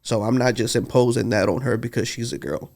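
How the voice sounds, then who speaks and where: A man talks earnestly and from the heart, as a podcast co-host. His voice is gravelly and creaky, sitting at a middle pitch. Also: fairly quick, a little mellow. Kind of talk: casual podcast conversation.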